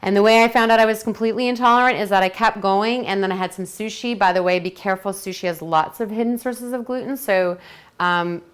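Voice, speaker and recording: A woman's voice: medium pitch, fast, smooth. A woman presenting a detox program to a group, talking chattily and enthusiastically and acting out her own quotes.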